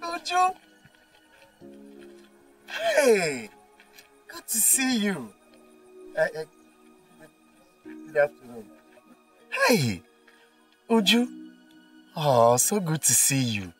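An eager, earnest young village man with a Nigerian accent. His voice rises and falls in a lively way. The mic is distant, with faint music under it. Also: mid-range voice, unhurried, long pauses. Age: young adult. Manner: pleading, repeats himself. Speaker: son. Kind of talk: film drama acting.

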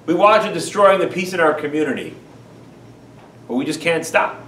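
A rabbi gives an animated, emphatic lecture, firing rhetorical questions at his listeners. His voice is high for a man. The recording is roomy and echoey, with the mic well away from him. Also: moderate pace, a little hiss or hum. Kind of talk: lecture on Jewish teachings. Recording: echoey room, far from mic.

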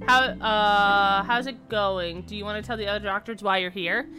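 A woman's voice: medium pitch, fairly even intonation, normal speed, bright, forceful tone, faint music behind. A woman streamer playing a game, reading the characters' lines aloud and joking between them.

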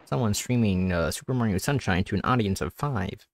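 A man's voice: fairly low pitch, expressive, brisk, vocal fry, slight background noise. A man streaming and chatting with viewers, joking and mocking himself, often laughing. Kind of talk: casual live-stream chat. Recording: music playing behind. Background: music.

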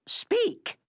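Low pompous cartoon dog judge, prim and fussy, swoopy voice, music behind. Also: female voice, noisy background, heavily acted. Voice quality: pompous, genteel. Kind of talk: cartoon voice acting.

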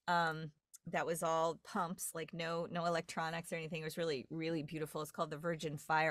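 Chatty woman, lowish voice, dry sound. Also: fairly bright tone, no echo. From New York. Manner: rambling, many fillers and restarts. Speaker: guest, dialect coach. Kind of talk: casual podcast conversation.

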